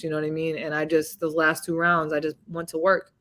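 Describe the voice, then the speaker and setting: A woman's voice: deep voice, a little fast. A woman boxing champion talking in a casual interview over a video call, telling stories and acting out the voices of people she quotes. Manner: animated storyteller, acts out quoted dialogue.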